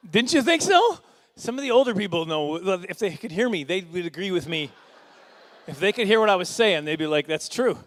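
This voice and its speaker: High-voiced self-mocking comedian man. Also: animated, a bit bright. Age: middle-aged. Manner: rambling, self-deprecating, quick asides with chuckles. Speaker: stand-up comedian. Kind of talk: stand-up comedy set. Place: fundraising dinner hall.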